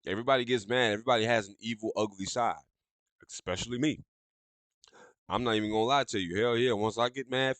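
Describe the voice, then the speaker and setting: A man's voice: on the low side, steady tone, fast talker, fairly bright tone, no room sound. A young adult man hosting a podcast, delivering a blunt, profane, ranting monologue in casual talk. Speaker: podcast host.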